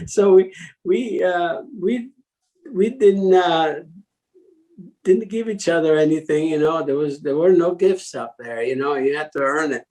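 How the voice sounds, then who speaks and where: A man's voice: fairly high pitch, measured pace, darkish tone, rough recording. A man, a guest telling rambling anecdotes with chuckles and many restarts. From Italy. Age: 80s. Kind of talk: casual anecdotal storytelling.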